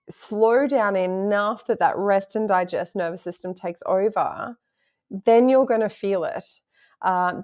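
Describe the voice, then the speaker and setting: A woman guest on a podcast, speaking in a calm, reflective, explanatory way. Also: medium pitch. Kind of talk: casual conversational interview.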